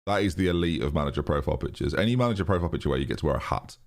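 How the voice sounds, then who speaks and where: A man streaming a football management game live, chatting excitedly to his viewers and laughing often. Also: a bass voice, racing, vocal fry. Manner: excitable, chatty, talks to chat. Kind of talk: live gaming commentary.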